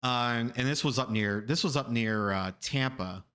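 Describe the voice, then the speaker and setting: A man from Florida telling a rambling story to his live stream chat. He repeats himself often and jumps high and loud when acting out the people in his stories. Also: normal speed, clear, resonant tone. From Florida, USA.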